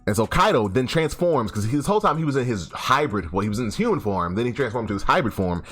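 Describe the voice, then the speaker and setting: A man giving a casual, animated comic recap, swearing freely and often restarting his sentences. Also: mid-range voice, fast talker. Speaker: YouTube host. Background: faint background music.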